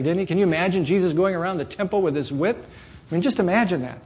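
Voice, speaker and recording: Guy preaching a sermon, kinda high voice, keeps asking the crowd questions. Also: fast. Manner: animated, asks the audience questions. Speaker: pastor.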